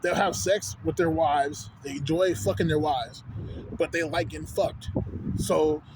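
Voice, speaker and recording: Here the Texan vlogger's pitch is fairly high, his tone steady and a little mellow, and his pace unhurried, over a faint hiss or hum. Outdoors on a city street, he rambles and curses through a casual rant, forever asking "you know what I'm saying."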